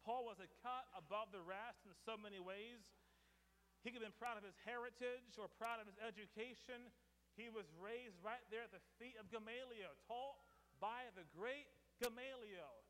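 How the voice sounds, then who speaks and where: Man, preacher, high voice, emphatic sermon delivery, long reverb. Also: a bit bright. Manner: emphatic, building repetition with dramatic pauses.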